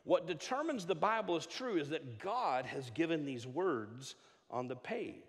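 A middle-aged man preaching a sermon in a church, joking and stammering through quick restarts. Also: on the high side. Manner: animated, jokey preaching with frequent stammered restarts. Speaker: pastor. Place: church sanctuary. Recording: long hall reverb.

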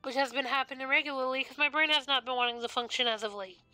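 A woman's voice: high-pitched, fairly even intonation, quick pace, pushed and bright, clean tone, faint music behind. A woman streaming a game, chatting casually and telling rambling, profane stories.

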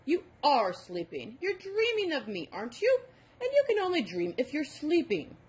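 A woman's voice: sits high, huge pitch swings, pitched above the performer's own voice. A woman voicing a bossy, teasing male number devil who quizzes a tired boy in a storybook reading. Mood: coaxing. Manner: brisk, coaxing, quizzing.

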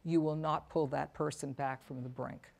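Middle-aged woman, low voice, earnest and reflective therapist addressing caregivers, checks in with the audience. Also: steady tone, moderate pace, vocal fry, darkish tone. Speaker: psychotherapist and elder care coach. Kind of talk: talk to a caregivers' support audience.

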